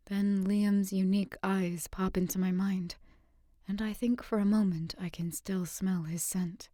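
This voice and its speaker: A woman reading a young adult novel in the first person, in a measured, reflective way. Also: fairly low pitch, steady tone, a little mellow, dry recording, clean studio sound. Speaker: audiobook narrator. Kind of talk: first-person audiobook narration.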